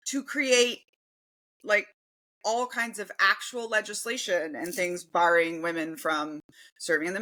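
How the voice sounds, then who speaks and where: A woman's voice: mid-range voice, pushed and bright, low-quality recording. A woman born in the Philippines co-hosting a podcast in casual chat, talking loosely with lots of fillers. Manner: conversational, lots of "like", mimics voices. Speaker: podcast co-host.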